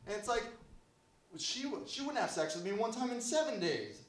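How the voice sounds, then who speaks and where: A man's voice: very high-pitched, sing-song, moderate pace, a crowd in the background. Rambling stand-up man in an echoey room. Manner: rambling, self-deprecating, swears a lot. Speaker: stand-up comedian. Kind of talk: open-mic stand-up set. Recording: echoey room from far off, faint noise. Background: audience laughter.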